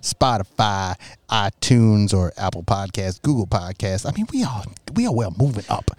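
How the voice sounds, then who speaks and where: A man's voice: fairly low pitch, expressive, normal speed, darkish tone, dry recording. Laid-back man in podcast banter. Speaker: podcast co-host. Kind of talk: casual wrestling podcast chat.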